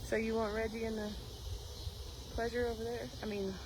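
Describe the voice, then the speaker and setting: A woman's voice: a little high, level tone, fairly quick, background noise. A woman making brief offhand remarks off camera outdoors at a horse farm.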